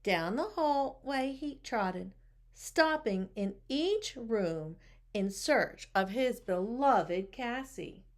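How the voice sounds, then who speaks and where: A woman reads a children's picture book aloud, expressive and stopping to ask her listeners questions. Her voice sits a bit high and swings widely, and she takes the story at a slow, careful pace. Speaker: storybook reader.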